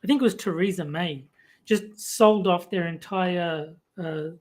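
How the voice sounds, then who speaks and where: A co-host of a casual talk show who chimes in with dry, blunt remarks. The voice sits at a middling pitch and talks in a plain, easygoing way. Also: measured pace. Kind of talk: casual chat.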